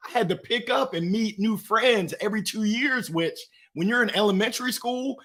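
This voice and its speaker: A man guest talking in an energetic, preachy, slangy storytelling way in an interview. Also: high-pitched, normal speed. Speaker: guest, author. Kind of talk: motivational interview talk.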